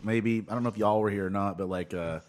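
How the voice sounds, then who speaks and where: A man's voice: on the low side, fast. A man co-hosting a casual chat, rambling and swearing as he laughs with friends. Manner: rambling, profane, laughs often. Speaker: podcast co-host. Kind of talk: casual banter.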